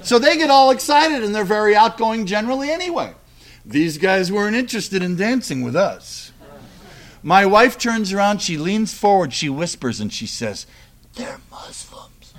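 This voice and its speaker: Lively high-voiced male preacher. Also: moderate pace. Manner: lively storytelling, acts out dialogue. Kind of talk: sermon.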